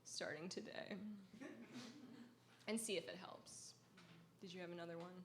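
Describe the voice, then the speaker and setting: A woman's voice: lowish voice, measured pace, background noise. A woman from the American Midwest, answering audience questions as a guest author, laughing often and joking about herself with casual swearing. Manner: laughs often, self-mocking, swears freely.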